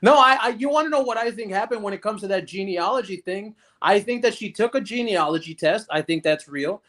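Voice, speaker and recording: A man with a high voice speaks as a guest on a live stream. He rambles along in a casual, chatty way. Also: fairly quick, a bit bright. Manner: conversational, rambling.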